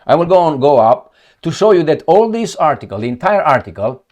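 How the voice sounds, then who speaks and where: Sarcastic, animated male commentator. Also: a little high, a little fast. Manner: sarcastic, animated, swears, talks to viewers as friends. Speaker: political commentator. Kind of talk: casual commentary reading articles on screen.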